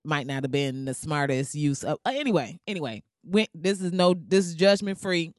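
Animated, slangy podcast host, dry sound. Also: medium pitch, normal speed, no room sound. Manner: animated, slangy, profane storytelling with frequent laughs. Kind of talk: casual comedic podcast chat.

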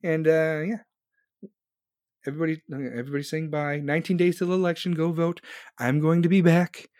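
A man's voice: fairly high pitch, little pitch movement, a little fast, a little mellow, no room sound, clean studio sound. A man in his forties hosting a live podcast, ranting angrily and bluntly with heavy swearing while reading chat. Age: 40s. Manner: angry, profane, blunt. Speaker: podcast host.

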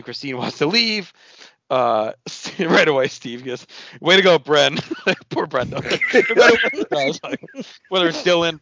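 A man's voice: mid-range voice, sharp tone, no echo, dull audio. A man hosting a podcast, casually recapping a TV episode and acting out the characters' lines with a loose, swearing humor. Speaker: podcast host.

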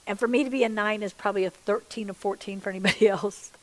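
Middle-aged woman, sermon-style testimony, animated storytelling, voices the other people in the story, soft hushed prayers, checks in with the audience, medium pitch. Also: quick pace, rough recording. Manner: animated storytelling that acts out the dialogue; chatty, checks in with the listeners. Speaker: Christian speaker.

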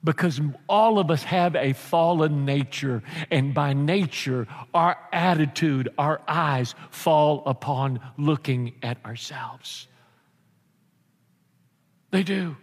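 A man preaches with animated, joking energy and slips into little acted voices. His voice sits fairly high for a man. Long reverb from a church hall trails behind him. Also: slow pace. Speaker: pastor. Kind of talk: sermon.

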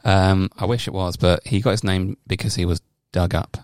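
A man's voice: low voice, fairly even intonation, moderate pace, a little mellow, no room sound, studio quality. A man co-hosting a casual podcast, rambling and joking through a news story and swearing freely. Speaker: podcast co-host.

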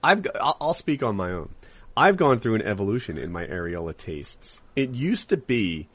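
A man hosting a podcast, talking in a loose and candid way with plenty of restarts. His pitch rises and falls a lot as he goes. The sound is dry, with no room echo. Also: very animated, normal speed, a bit bright, husky. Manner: candid, rambling, laughs easily, frequent restarts. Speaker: podcast host and live streamer. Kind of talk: casual chat.

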